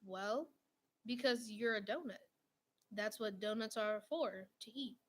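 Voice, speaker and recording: A woman's voice: medium pitch, natural voice. A woman voicing a sheepish, stammering man in a read-aloud storybook. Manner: slow, hesitant, sheepish.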